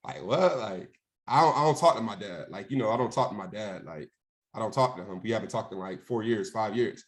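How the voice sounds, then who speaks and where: A man speaking as a guest at a mentorship session, telling his own story in a casual, animated, slangy way. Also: lowish voice, fairly quick.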